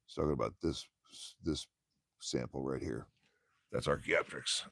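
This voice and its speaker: A man's voice: rumbling low, normal speed, creaky, a bit bright, dry recording, clean studio sound. A man teaching a casual lesson, reading a textbook aloud in a laid-back, slangy way, often stumbling over words, recorded on a phone.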